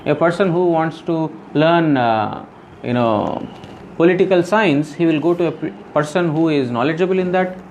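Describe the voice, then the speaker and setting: A man's voice: on the high side, normal speed, darkish tone, slight background noise. Earnest man giving a devotional talk. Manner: earnest, explanatory, repeats phrases, frequent "you know". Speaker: spiritual teacher. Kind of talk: devotional scripture lecture.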